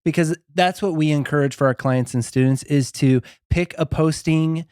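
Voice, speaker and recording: A man's voice: a little high, moderate pace, darkish tone, clean tone, no room sound, studio quality. A man co-hosting a podcast in casual chat, often backing up his co-host with short agreements.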